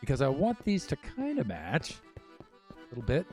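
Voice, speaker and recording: A man's voice: mid-range voice, huge pitch swings, moderate pace, dark tone, faint music behind. A man casually talking through his building as he streams a game, thinking aloud with many fillers. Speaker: Minecraft streamer.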